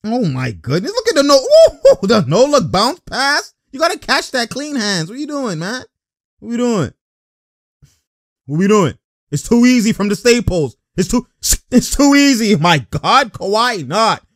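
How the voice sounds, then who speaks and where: An excitable man calls out basketball plays in loose slang and keeps breaking into laughter. His pitch swings all over the place, yet he talks at an unhurried pace. The sound is dry and close. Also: no room sound. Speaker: basketball highlight reactor. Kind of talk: casual reaction commentary.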